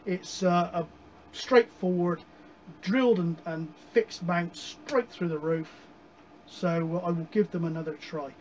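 Man, fairly high-pitched, casual hobby chat, rambling, full of ums. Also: unhurried, slight background noise, low-quality recording. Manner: rambling, with many ums and digressions. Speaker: radio hobby vlogger.

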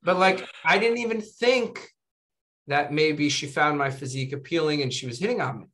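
Chatty man, slightly high voice. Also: moderate pace. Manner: animated storytelling, tags 'right?' and 'you know'. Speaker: physician guest. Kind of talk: casual interview chat.

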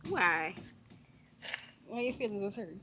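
A woman's voice: medium pitch, expressive, slow pace, pushed and bright, a little hiss or hum. A woman in a store, talking to a child in short, repeated bits and calling her baby. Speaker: vlogger pranking her goddaughter. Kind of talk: casual vlog talk to a child. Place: inside a store.

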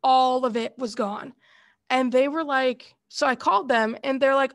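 Woman college instructor, high voice, dry close sound, chatty and heated when telling a story. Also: fairly even intonation, a little slow, no echo. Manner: casual, heated storytelling with mild slang. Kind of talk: classroom lecture with a personal anecdote.

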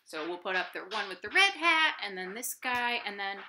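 A woman's voice: mid-range voice, sing-song, moderate pace, sharp tone. A woman hosting a library storytime from her home, reading a picture book aloud to children with gasps and playful sound effects.

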